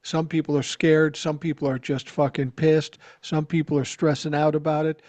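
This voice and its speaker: A man's voice: fairly high pitch, little pitch movement, moderate pace, darkish tone. A man from Georgia calling in as a regular guest on a political talk show, speaking bluntly and steadily with some cursing.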